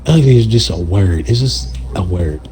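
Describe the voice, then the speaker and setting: Man, casual chat, storytelling, slangy, exaggerated, very expressive pitch. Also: moderate pace. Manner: animated, slangy, exaggerated storytelling with frequent laughs.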